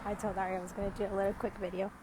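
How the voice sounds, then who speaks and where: A woman's voice: mid-range voice, flat delivery, rapid-fire, a little mellow, slight background noise. A woman talking to camera as a parent in a casual, reflective monologue, rambling with many ums and restarts, earnest and growing emphatic. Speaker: parent vlogger.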